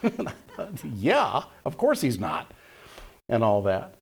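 A man's voice: mid-range voice, huge pitch swings, slow, vocal fry, slightly rough. A middle-aged male pastor preaching a sermon, telling a story in a folksy way and acting out the dialogue.

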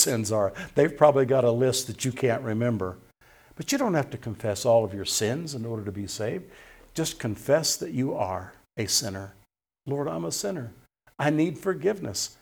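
Gravelly-voiced man preaching a sermon. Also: mid-range voice. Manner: folksy preaching, swells loud on scripture. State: tiring voice. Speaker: pastor.

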